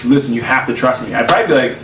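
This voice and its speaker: Young male podcast co-host, animated storyteller, recorded in a roomy space off-mic. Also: medium pitch, rapid-fire, faint music behind. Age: young adult. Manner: animated storyteller, loud acted quotes. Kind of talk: casual chat. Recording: roomy live stream, mic at a distance.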